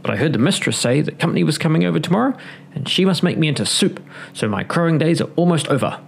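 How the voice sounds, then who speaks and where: Old rooster, proud and chatty, pitched up and gravelly, voiced by a male storyteller. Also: expressive, quick pace, slight background noise. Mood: pleading.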